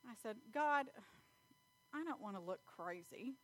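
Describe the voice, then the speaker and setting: A woman's voice: fairly high pitch, measured pace. Woman preaching a story-filled sermon. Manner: animated storytelling, acting out scenes with loud bursts.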